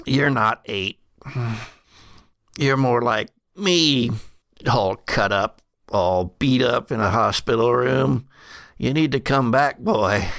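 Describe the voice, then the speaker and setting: A man voicing a grim, dying old man in a wheelchair who talks slow and folksy, with coughs. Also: mid-range voice, creaky, a bit bright, no echo, studio quality.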